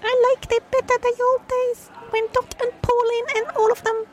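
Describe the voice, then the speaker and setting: A man voicing a chatty hologram in a comic sci-fi story, in a squeaky falsetto. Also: monotone, moderate pace, very noisy. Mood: nostalgic. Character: gossiping hologram with a shrill high voice.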